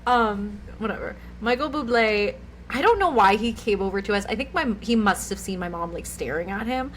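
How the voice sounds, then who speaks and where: A young woman co-hosting a podcast tells a rambling, giggly anecdote in casual chat, sprinkling in plenty of "like"s. Her medium-pitched voice is lively in intonation and fairly bright, at normal speed. The recording is low quality with slight background noise.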